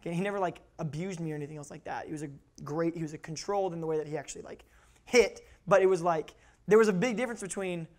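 Animated man giving a youth talk. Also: on the high side, fast. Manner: animated storyteller who acts out quotes, repeats key words. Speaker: youth pastor.

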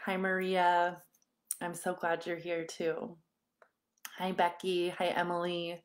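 Thirties woman parenting coach on a webcam, chatty storyteller, laughs a lot, does lively voices for quotes. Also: lowish voice, takes it slowly. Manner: acts out quoted dialogue in animated voices. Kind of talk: live online parenting workshop.

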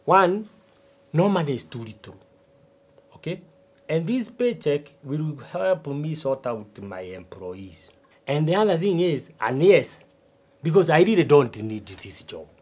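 A boastful stubborn old farmer. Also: male voice, on the high side. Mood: self-important. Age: older. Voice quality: animated, drawn-out rhetorical asides. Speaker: substitute teacher. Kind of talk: TV sitcom acting.

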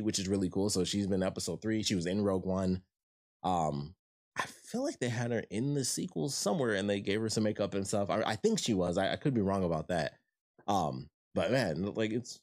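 A man chats through a show review at a quick clip, excited and rambling. His voice sits on the low side, and he keeps restarting with fillers as he thinks aloud. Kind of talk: casual review chat.

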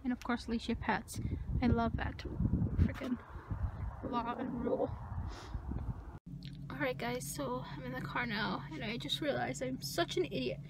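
A young woman vlogging casually, rambling in a self-conscious way and often dropping to a hushed voice, filmed on a handheld phone out at a beach, in a car and at a gym. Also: fairly high pitch, fairly even intonation, unhurried, long pauses, heavy background noise. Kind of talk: casual vlog chat.

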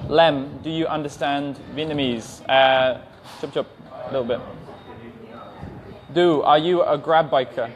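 Slow-spoken young English teacher. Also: male voice, on the high side, a little hiss or hum. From England. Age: 20s. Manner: hesitant, with many ums, speaks slowly and carefully. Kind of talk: live-stream Q&A reading viewer comments. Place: language school.

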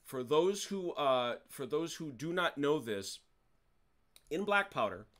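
The man's voice is a little high, fairly bright and sing-song, and he goes slowly. He's running a tabletop wargame, chatting casually through the rules for his players, often revising himself mid-sentence and cracking wry jokes.

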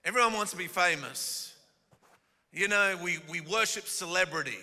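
A man's voice: sits high, expressive, moderate pace. A man preaching a sermon as a guest pastor, joking with the congregation and then driving his points home with force. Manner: calls the congregation up and has them repeat words; jokey asides, then forceful emphatic preaching. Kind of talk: energetic sermon. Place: church auditorium. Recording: long reverb of a large church hall.

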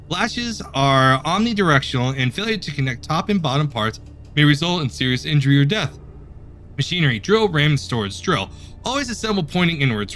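Man, gameplay commentary, chatty and joking, high animated voice. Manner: chatty, joking, talks to himself. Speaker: let's play host.

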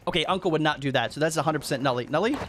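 A man hosting a gaming video, giving excitable, chatty commentary and talking to other players as he plays. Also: a little high, racing. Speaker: gaming channel host. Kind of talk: live gameplay commentary. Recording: voice over noisy game audio.

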